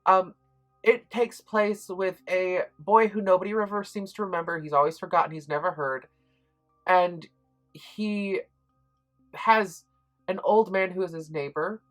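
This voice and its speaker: A woman with a somewhat low voice talks through a book review in a casual, chatty way. She sounds enthusiastic and often pauses on ums and restarts her sentences. Soft music plays faintly underneath.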